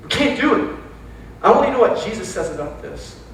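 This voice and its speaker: High-voiced youth pastor in echoey hall. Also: male voice, vocal fry, a little hiss or hum. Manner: animated, talks straight to the crowd with quick asides. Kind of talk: casual sermon. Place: church sanctuary. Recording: echoey church hall, mic from a distance.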